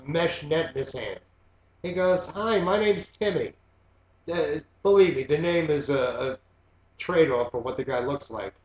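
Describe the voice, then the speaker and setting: A man, hosting a show and telling a story in a rambling, profane way, full of "uh" and "you know". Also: a little high. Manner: rambling, profane, many fillers. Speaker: host. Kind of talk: casual storytelling monologue. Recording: echoey muffled lo-fi home recording.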